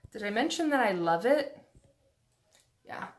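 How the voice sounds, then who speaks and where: A woman's voice: fairly high pitch, big pitch swings, a little slow, background noise. A woman chatting through a casual makeup tutorial, rambling and self-deprecating with lots of fillers, recorded on a phone at home. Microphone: phone camera.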